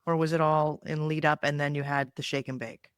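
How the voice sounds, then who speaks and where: A woman's voice: deep voice, little pitch movement, brisk, clean tone, dry recording. Supportive woman host, dry close sound. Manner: supportive, frequent short affirmations. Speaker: podcast host. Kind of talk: interview conversation.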